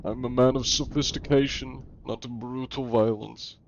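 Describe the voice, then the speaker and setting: A man's voice: mid-range voice, steady tone, measured pace, creaky, highs cut off, slight background noise, pitched above the performer's own voice. A man voicing a pompous male sea inspector who hunts cheaters, speaking in grand, haughty archaic phrases.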